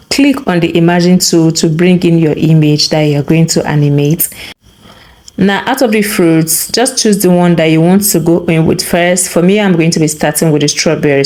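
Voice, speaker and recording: A woman hosting a software tutorial, walking through steps and often checking in with a quick "okay?". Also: low voice. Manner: instructive, tags remarks with "okay?". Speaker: tutorial host. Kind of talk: screen-recorded software tutorial.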